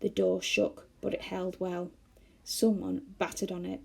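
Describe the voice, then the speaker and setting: A woman reading a children's novel aloud to schoolchildren, expressive and animated. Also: on the low side, measured pace, gravelly, breathy edge. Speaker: storyteller for schoolchildren.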